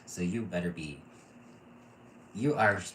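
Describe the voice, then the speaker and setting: A man in his thirties teaching a casual online intuition class, gushing and excitable and often laughing. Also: low-pitched, slow. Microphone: computer mic, off camera. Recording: echoey room with faint noise.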